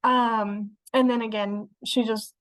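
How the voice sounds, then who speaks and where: Chatty young woman, fairly high voice. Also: fairly even intonation, slow pace. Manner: chatty, many fillers, laughs while telling. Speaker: interview guest. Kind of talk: casual storytelling.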